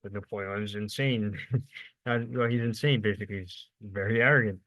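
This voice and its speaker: A man's voice: on the low side, normal speed, no echo, lo-fi sound. A young man giving a casual, unscripted history lesson, rambling and informal, with lots of fillers and self-corrections.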